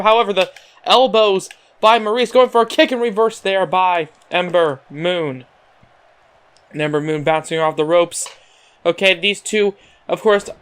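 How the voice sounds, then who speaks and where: Brief: male gaming host, excitable announcer-style wrestling play-by-play, high clear voice. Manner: excitable announcer patter, repeating "however" and filler words. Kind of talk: play-by-play wrestling commentary over a video game.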